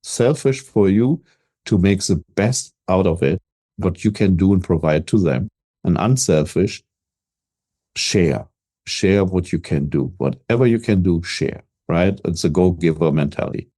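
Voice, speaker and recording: An older man from Germany with a German accent, talking as a business coach in an interview, self-assured and energetic, often repeating words as he starts a thought. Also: deep voice, normal speed, slightly rough. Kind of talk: casual interview talk.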